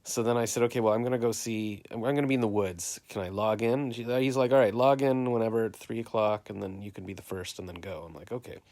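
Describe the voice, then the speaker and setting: A man's voice: lowish voice, fairly even intonation, fast talker, hardly any pauses, darkish tone. A Canadian man rambling through a story of his day on a live stream, quoting everyone with "I'm like" and "he's like.". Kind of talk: casual live-stream chat.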